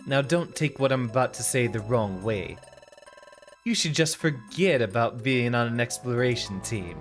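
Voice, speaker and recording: A man's voice: mid-range voice, lively intonation, normal speed, faint music behind, natural voice. A man doing a sneering Brooklyn crook. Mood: condescending. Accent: put-on Brooklyn. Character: sneering small-time male crook, gang member.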